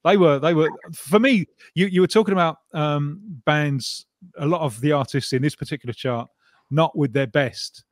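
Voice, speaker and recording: Enthusiastic man, a bit higher voice. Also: moderate pace, dry recording, studio quality. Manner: enthusiastic, nostalgic, blunt opinions. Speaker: co-host. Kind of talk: casual chat about old chart songs.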